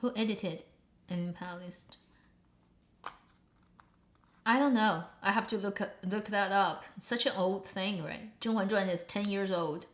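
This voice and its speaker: A woman's voice: medium pitch, a little slow, long pauses. A woman hosting her own show, chatting casually in a rambling way and laughing often. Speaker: host. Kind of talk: casual chat. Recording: roomy echo.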